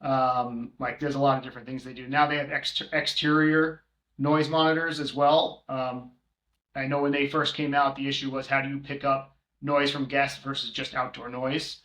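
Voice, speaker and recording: A man in casual podcast conversation, working through lists with plenty of ums and restarts. His voice sits at a middle pitch. The room around him adds a noticeable echo. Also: flat delivery, normal speed, fairly bright tone. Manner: rambling, many filler ums, listing prices. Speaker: co-host, short-term rental manager. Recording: roomy echo.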